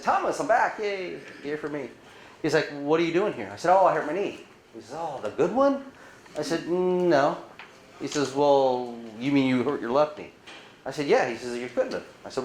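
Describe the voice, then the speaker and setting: A man's voice: mid-range voice, roomy sound, a little hiss or hum, poor audio. A man giving a conference talk to an audience, asking them rhetorical questions and acting out dialogue while he tells stories. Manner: animated storyteller acting out dialogue. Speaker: conference speaker. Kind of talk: conference presentation to a live audience. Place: conference room.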